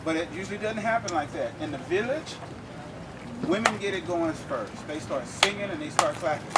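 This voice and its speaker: High-voiced man teaching drums from afar. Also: lively intonation, brisk. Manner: explains to a crowd, checks in with "okay?". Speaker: drum instructor. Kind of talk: lecture-demonstration. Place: outdoor campus event. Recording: distant mic, clear outdoor noise.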